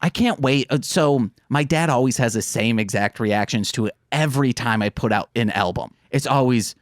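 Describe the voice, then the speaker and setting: A man talking casually on a podcast, candid and darkly sardonic, laughing off heavy subjects. His voice sits at an ordinary pitch and comes across close and dry, with no room sound. It is plain, unpolished conversation. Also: normal speed, hardly any pauses, dry recording. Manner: candid, sardonic, jokes about dark topics. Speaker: podcast co-host.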